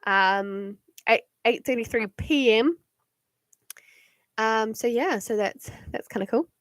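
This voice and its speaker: At home at night, a young woman with a New Zealand accent reads cards on a live stream, chatting casually and rambling with lots of fillers and giggles. Her voice is fairly high and she takes it slowly, captured in clean studio sound with no room sound.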